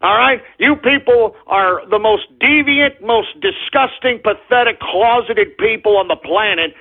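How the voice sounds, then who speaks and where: Male radio host, furious ranting delivery, husky tone, tinny phone-like audio. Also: high voice, unhurried. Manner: angry, insulting, ranting. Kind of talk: political talk radio rant.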